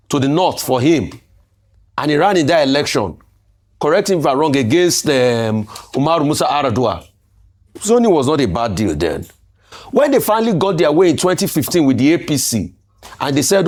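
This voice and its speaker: A man with a Nigerian accent, arguing emphatically as a political commentator on a studio talk show. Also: fairly high pitch. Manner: emphatic, argumentative, rhetorical questions.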